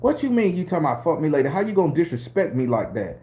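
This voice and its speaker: A man's voice: on the high side, sing-song, fast, warm tone, voice pushed up. A man voicing an offended young woman at a nightclub, sassy and incredulous. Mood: indignant.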